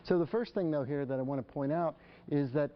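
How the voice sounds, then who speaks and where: A man's voice: a little high, brisk, muffled recording. A man giving a conversational live presentation to parents, often putting questions to the audience in front of him. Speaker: speaker addressing parents.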